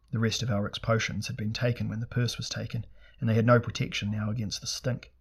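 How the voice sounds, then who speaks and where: A man reading a fantasy novel aloud in a measured, steady storytelling manner. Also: lowish voice, husky. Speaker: audiobook narrator. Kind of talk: scripted fantasy narration.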